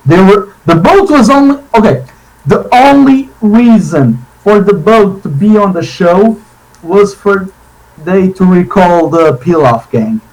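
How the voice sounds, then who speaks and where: A man chatting casually on a podcast, excitable and rambling, with many restarts and tangents. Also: high voice, measured pace, poor audio. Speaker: podcast co-host.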